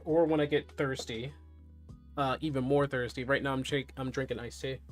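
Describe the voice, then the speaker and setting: A man's voice: mid-range voice, flat delivery, normal speed, faint music behind. A man hosting a live stream, chatting candidly and in a subdued way as he reacts to news and to his chat.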